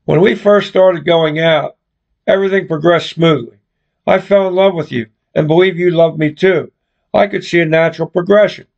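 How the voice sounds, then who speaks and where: A man voicing a frustrated young woman who bluntly confronts her boyfriend, with a gravelly voice on a dull lo-fi recording. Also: a little high, fairly even intonation, moderate pace, a little mellow. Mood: pleading. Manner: blunt, exasperated, foul-mouthed.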